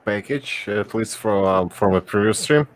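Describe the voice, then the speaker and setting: A man from Wisconsin hosting a casual stream chat, often pausing mid-sentence to find his words. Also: lowish voice. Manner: halting, stops often to search for words. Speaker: stream host.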